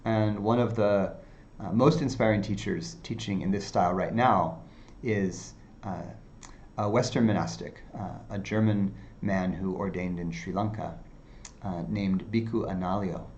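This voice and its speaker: A male meditation teacher giving an unhurried dharma talk, with many fillers and softly repeated phrases. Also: on the low side, steady tone, lo-fi sound, a little hiss or hum.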